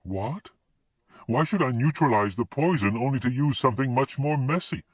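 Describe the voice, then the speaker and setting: A proud, distraught woman with a sharp tongue, as a male reader puts her on. The voice is pitched high, lively and emphatic, a little husky. It is heard on a dull, lo-fi recording. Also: moderate pace, no room sound, studio quality, close to an everyday voice. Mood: indignant. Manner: raised pitch, emphatic and indignant.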